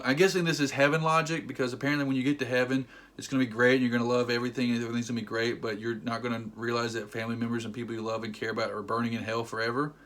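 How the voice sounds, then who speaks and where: Young man, sarcastic movie-review rant, acts out lines in passing, mid-pitched voice. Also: fairly bright tone. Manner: sarcastic, retells scenes in quick mimicked quotes. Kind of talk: casual rant.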